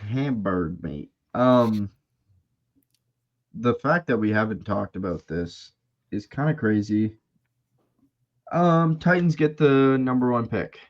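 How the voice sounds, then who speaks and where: A man's voice: medium pitch, animated, slow pace, pauses often, lo-fi sound. A young man co-hosting a podcast, chatting casually with laid-back, rambling asides. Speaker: podcast co-host. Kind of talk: casual chat.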